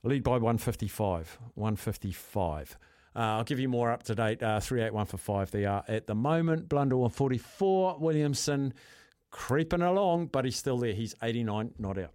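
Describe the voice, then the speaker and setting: A man from New Zealand hosting a sports radio show, calling scores and chatting with excitable energy. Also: mid-range voice, moderate pace, no room sound, clean studio sound.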